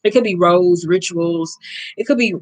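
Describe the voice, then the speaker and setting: A woman giving a casual card reading to her viewers, blunt and profane, with emphatic, drawn-out repetitions. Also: fairly low pitch, no room sound, poor audio. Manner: blunt, profane and expressive, talking straight to viewers. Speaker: oracle card reader.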